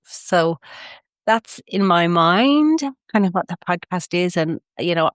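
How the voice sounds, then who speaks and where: An Irish woman hosting a reflective spiritual podcast, a bit gravelly and sniffly from a head cold, talking in a gently effusive, repetitive way. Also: on the low side, no room sound, clean studio sound. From Ireland. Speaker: podcast host.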